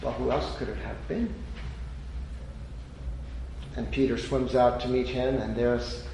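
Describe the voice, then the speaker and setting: A man's voice: mid-range voice, steady tone, unhurried, vocal fry, mellow, a little hiss or hum. A man preaching a sermon, retelling stories and lifting his voice when he quotes the people in them. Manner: storytelling, voicing quoted speakers with rising emphasis. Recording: echoey hall.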